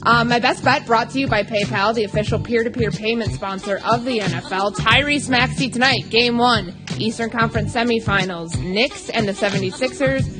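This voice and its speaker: A woman's voice: fairly high pitch, moderate pace, few pauses. Upbeat woman giving a betting pick over music. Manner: casual, chatty delivery of her pick. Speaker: sports radio co-host. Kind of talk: betting segment on a radio show. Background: music bed.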